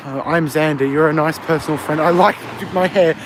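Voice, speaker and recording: A man's voice: on the high side, fairly even intonation, brisk, noisy background. A man with an Australian accent chatting on a live stream while walking outside at night, reading out and answering viewer comments on a phone mic. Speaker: livestreamer. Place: outdoors on a windy street at night.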